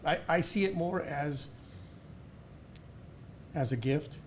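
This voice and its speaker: A man's voice: fairly high pitch, slow, slight background noise. A man, a pharmacy owner and school board member, talking earnestly in a casual interview and often restarting his words.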